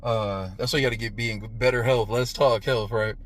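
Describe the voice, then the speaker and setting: A man in his thirties giving a casual, profane movie review, punctuating the retelling with "boom" sound effects and "right?" after nearly every line. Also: fairly quick. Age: 30s. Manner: animated, profane, says "right?" constantly.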